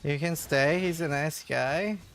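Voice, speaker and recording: A man's voice: a little high, unhurried, a bit bright. A man streaming a game, chatting casually and answering his viewers' messages in a joking way. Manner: chatty, jokey, reads and answers chat aloud. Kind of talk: casual chat with live viewers while gaming.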